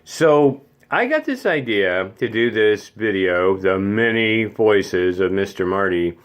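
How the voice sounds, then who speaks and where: A man's voice: fairly low pitch, very animated, slow pace, clear, resonant tone. A middle-aged man hosting a casual vlog as a zany, theatrical talker, slightly congested. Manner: chatty, theatrical, self-mocking. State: slightly congested, clearing throat. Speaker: vlog host, infant room caregiver.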